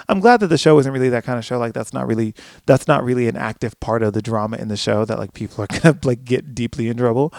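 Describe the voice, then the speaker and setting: A man with a fairly high, gravelly voice hosts a solo podcast. He rants animatedly with loose profanity and acts out asides to himself. The sound is dry and close to the mic, with no room around it. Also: animated, fast, darkish tone, no room sound. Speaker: podcast host.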